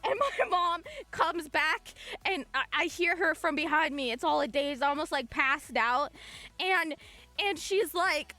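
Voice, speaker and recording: A woman streamer telling a long story to her chat in an excitable way, breaking into shrieks and laughter. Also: high-pitched, a little slow, faint music behind.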